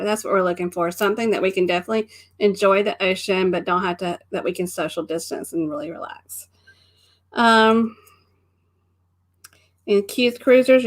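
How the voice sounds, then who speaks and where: A middle-aged woman co-hosting a casual live stream, greeting viewers by name and laughing often. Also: mid-range voice. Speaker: co-host of a live travel stream.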